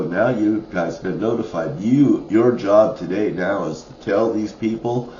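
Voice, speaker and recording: A man's voice: sits low, darkish tone, a little hiss or hum. Man ranting in a roomy, lo-fi recording. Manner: profane, ranting, with short laughs. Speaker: vlogger. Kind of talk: angry rambling monologue.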